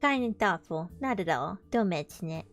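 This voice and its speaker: A woman voicing a gloomy old male donkey in a storybook reading, speaking in a slow, mopey, self-pitying way. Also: lowish voice, expressive, faint music behind, pitched below the performer's own voice.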